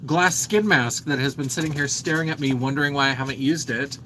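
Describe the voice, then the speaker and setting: Chatty man with a bright voice. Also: mid-range voice, brisk, slight background noise, rough recording. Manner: chatty, reads viewer comments aloud. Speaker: makeup livestream host. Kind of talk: casual livestream chat. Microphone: phone.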